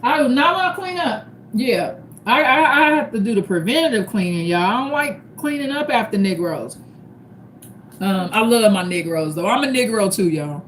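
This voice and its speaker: Blunt, high-voiced woman livestreamer. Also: animated, moderate pace, slight background noise. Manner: blunt, opinionated, talks straight to viewers. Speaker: livestream host. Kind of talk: casual commentary.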